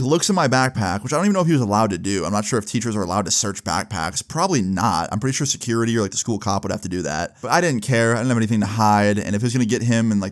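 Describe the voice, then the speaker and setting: A young man telling a personal story in a casual vlog, animated, with lots of fillers. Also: lowish voice. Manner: animated, swearing, fillers like "like" and "right". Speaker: vlogger.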